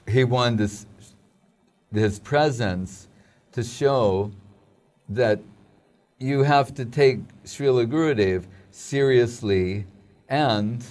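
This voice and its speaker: A man interviewing a guest, prompting him and finishing his sentences, then recalling memories of their teacher at an unhurried pace. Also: lowish voice, a little mellow. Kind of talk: casual interview chat.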